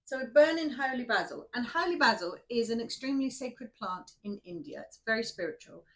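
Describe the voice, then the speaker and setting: A woman's voice: on the high side, lively intonation, a little fast, a bit bright. A woman, tired and shaky after night shifts, chatting casually and rambling to viewers before a tarot reading, laughing at herself. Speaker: tarot reader.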